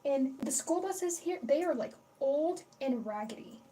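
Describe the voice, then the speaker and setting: A woman's voice: sits high, animated, measured pace, warm tone. A young woman hosting a casual livestream, rambling and chatty, swearing freely and greeting her chat as she talks. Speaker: livestream host. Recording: distant mic with faint background noise.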